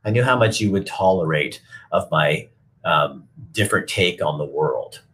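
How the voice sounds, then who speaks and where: Host type, man in his 60s, very low voice, blunt and fired up, curses freely. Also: lively intonation, normal speed, a bit bright. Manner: blunt and heated, swears. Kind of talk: casual opinionated chat.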